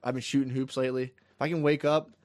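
A man in his thirties telling stories in casual chat, animated, swearing and slipping into voices. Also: mid-range voice, fast talker, no room sound, studio quality. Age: 30s.

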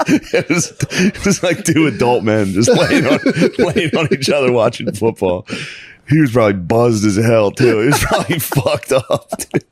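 A man's voice: mid-range voice, measured pace, husky, dry recording. Crude, joking young man telling stories. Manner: crude, joking, animated storytelling with frequent laughs. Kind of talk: casual comedic chat.

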